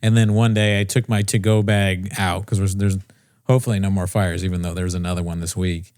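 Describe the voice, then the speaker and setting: A man's voice: low voice, level tone, fairly quick, a little mellow, clean tone, dry recording, studio quality. A young man co-hosting a podcast, chatting casually with crude, rambling jokes. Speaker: podcast co-host. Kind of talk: casual comedic chat.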